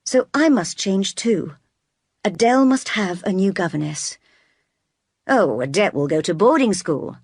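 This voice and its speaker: A woman reading the lines of a passionate, brooding gentleman, master of a manor, in an audiobook, with pleading and sometimes forceful delivery. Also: lowish voice, dry recording, clean studio sound. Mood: impassioned.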